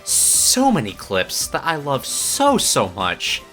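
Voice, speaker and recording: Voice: mid-range voice, wildly swooping pitch, slow pace, bright, forceful tone, faint music behind. A podcast co-host in casual chat, eager and agreeable, often stumbling over the start of a sentence.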